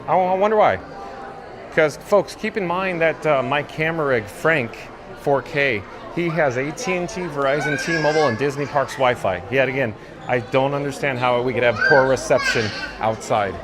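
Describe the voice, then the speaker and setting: A man's voice: medium pitch, normal speed. Chatty theme-park live-streamer man. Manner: reads viewer comments aloud and thanks them. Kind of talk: casual live-stream chat while walking. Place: outdoors in a busy theme park. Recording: outdoor live stream with music and crowd behind. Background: park music and crowd noise.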